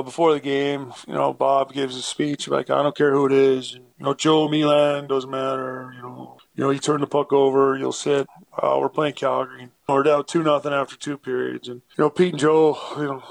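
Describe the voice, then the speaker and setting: A man's voice: medium pitch, vocal fry, no room sound. A man, a former hockey player, telling rambling stories in a casual interview, full of fillers and acted-out quotes.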